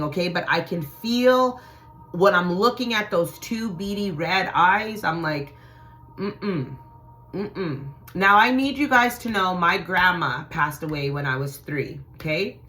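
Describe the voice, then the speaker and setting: A woman's voice: deep voice, bright, forceful tone. A woman hosting a vlog, telling a frightening personal story in an intense, profane, dramatic way. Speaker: channel host.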